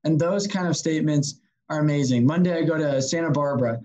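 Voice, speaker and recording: Man, podcast guest, lively storyteller, acts out quotes, casual swearing. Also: a little high, quick pace, poor audio. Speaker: podcast guest, sales consultant.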